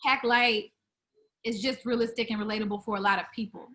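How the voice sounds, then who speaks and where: A woman's voice: on the high side, steady tone, a little fast, background noise. A young woman who sings R&B, chatting casually in an interview, full of fillers and restarts. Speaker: R&B singer, interview guest.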